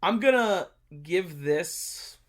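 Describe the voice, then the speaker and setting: A man's voice: high voice, expressive, extremely slow. A man with a blunt New York accent, hosting a history channel and casually talking through a movie review. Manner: blunt, brash, chatty with many fillers.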